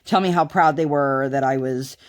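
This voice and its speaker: Casting: woman, 30s, low voice, chatty rambling vlogger, lots of "um" and "like". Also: normal speed. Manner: rambling, many fillers. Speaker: craft vlogger. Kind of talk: casual chat.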